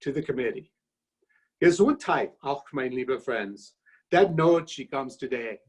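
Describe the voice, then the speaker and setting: A man's voice: mid-range voice, animated, unhurried, poor audio. A man reciting a rhymed comic toast in a put-on German accent, voicing a jolly, homesick exile in a hearty, sing-song way. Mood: boisterous.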